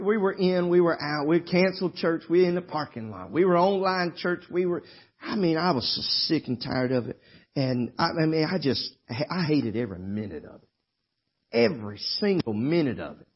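A man's voice: a little high, husky, muffled recording. A male pastor preaching a sermon in a folksy, emphatic, wandering way during a church service.

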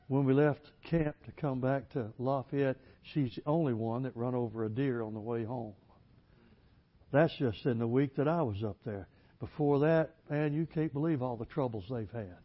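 A man preaching a folksy storytelling sermon, plainspoken and building to loud, emphatic passages. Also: mid-range voice. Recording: dull lo-fi recording.

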